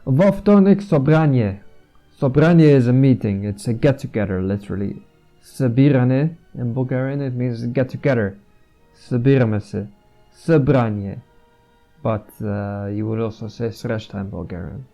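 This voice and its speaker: A Dutch man giving a casual language lesson, explaining slowly, repeating words and pausing with fillers. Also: mid-range voice, highs cut off, soft background music. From Netherlands. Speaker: language vlogger.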